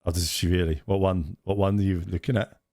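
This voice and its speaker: A man's voice: sits low, a little fast, dry recording, clean studio sound. A man, co-hosting a casual podcast and telling stories animatedly with many restarts. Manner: animated storyteller, repeats and restarts phrases. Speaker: podcast co-host. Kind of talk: casual chat.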